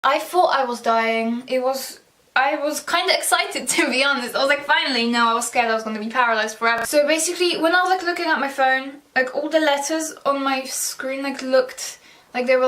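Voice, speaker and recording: A teenage girl talks straight through a casual storytime vlog. Her voice sits high, and her talk is loose and chatty, packed with "like" and swearing. She jokes at her own expense and puts on bigger voices when she quotes people. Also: normal speed, a bit bright. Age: teens. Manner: chatty, swears, frequent "like" fillers, self-mocking; acts out quoted voices with pitch jumps. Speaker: vlogger.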